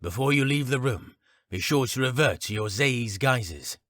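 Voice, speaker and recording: A composed captain who keeps himself in check, voiced by a man, polite and measured, his pitch moving freely. The read is close and dry with no room. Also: animated, fairly bright tone, no echo, close to an everyday voice. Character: composed male captain, guarded and earnest.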